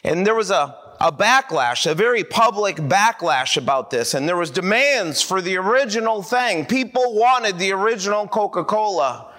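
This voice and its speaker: A male pastor preaching a sermon to a congregation, telling a story with animated acted-out dialogue. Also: high-pitched, moderate pace, hardly any pauses.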